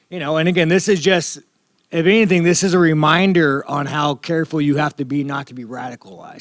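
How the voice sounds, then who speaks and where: Brief: man in his thirties, fighter at a media scrum, profane and rambling, slightly high voice, dry sound. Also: no room sound.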